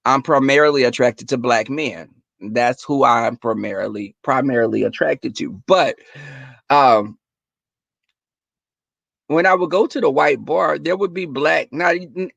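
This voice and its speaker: Sassy, animated man chatting with viewers. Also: mid-range voice, gravelly, dry recording. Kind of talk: casual chat with viewers.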